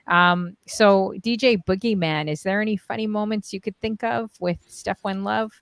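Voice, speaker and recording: A woman's voice: mid-range voice, steady tone, normal speed, no room sound. A woman hosting a casual group call on her stream, chatty and gushing, laughing often. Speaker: stream host and DJ.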